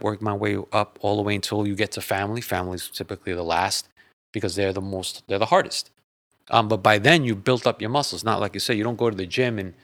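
A man's voice: fairly low pitch, a bit bright, no room sound. A man telling a personal story in a casual, rambling, earnest way, often repeating and restarting his words. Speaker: guest sharing a personal story.

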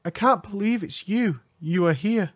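Gushing young romance heroine, higher and brighter, read by a man; amateur storybook reading. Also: expressive, normal speed, breathy edge, no echo, studio quality. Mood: excited. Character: excited young woman in a romance novel.

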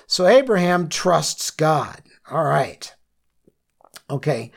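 A slow-speaking man leads a Bible study lesson with a gravelly, creaky voice. He tells listeners what to underline and circle, often checking in with "okay?". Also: mid-range voice.

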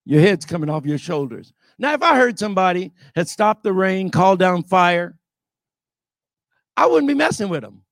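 Fiery male preacher, high voice, shouting, dry close sound. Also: big pitch swings, normal speed, no room sound. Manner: emphatic, often shouting, rhetorical calls to the crowd. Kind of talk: sermon.

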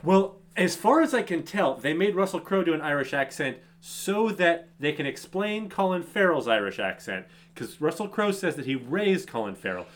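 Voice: mid-range voice, expressive, normal speed, hardly any pauses. A podcast co-host recapping a movie in incredulous, swearing casual chat.

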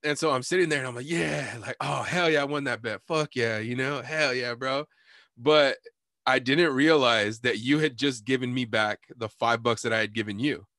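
A man in casual chat, telling a bar story in an animated, profane way, laughing and acting out what people said. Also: mid-range voice, moderate pace, no room sound, clean studio sound. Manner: animated, profane, laughs often, acts out quotes.

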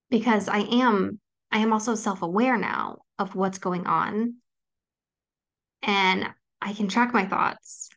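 A woman's voice: mid-range voice, fairly bright tone. A woman hosting a solo podcast, talking earnestly and reassuringly to her listeners, with frequent ums. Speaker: podcast host. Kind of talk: personal solo podcast talk.

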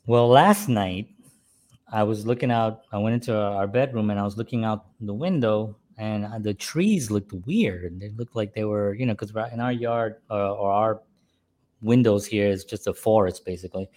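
A man's voice: lowish voice, moderate pace, darkish tone. Rambling man hosting a casual show. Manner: loose, rambling, many fillers and restarts. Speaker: podcast host. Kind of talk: casual chat. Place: home.

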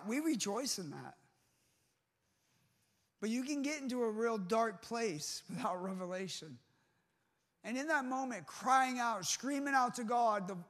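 A man's voice: high-pitched, fairly bright tone. A man preaching a sermon with fervent emphasis and restarts, before a live congregation in a large hall. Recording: long hall reverb.

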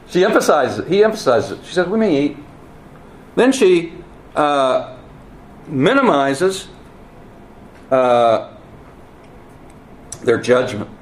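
A man preaching a teaching sermon, earnest and emphatic, with wry asides and halting repeats. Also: on the high side, big pitch swings. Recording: roomy echo, faint ambience.

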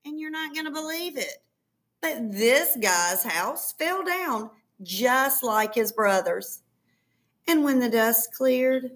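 A woman reading a children's story aloud in an expressive, playful storytelling manner. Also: sits high, takes it slowly.

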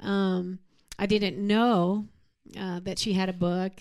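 A woman co-hosting a church talk, speaking gently and reflectively about faith. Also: mid-range voice, little pitch movement, takes it slowly, clear, resonant tone. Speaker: co-host. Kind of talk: casual chat about faith.

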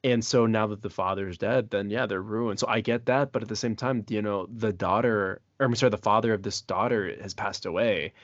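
A man's voice: on the low side, steady tone, brisk, hardly any pauses, dry recording, lo-fi sound. A man co-hosting a podcast, talking through a film in casual chat with earnest, reflective enthusiasm. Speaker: podcast co-host.

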